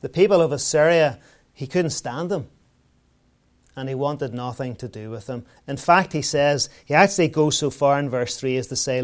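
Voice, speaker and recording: A man's voice: medium pitch, moderate pace. A man preaching a sermon in a conversational way, asking rhetorical questions and telling everyday anecdotes.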